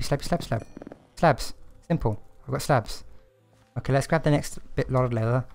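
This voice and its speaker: A man's voice: mid-range voice, a little mellow. A man streaming a game, chatting to himself and his viewers in a casual, self-deprecating way. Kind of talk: casual gameplay commentary.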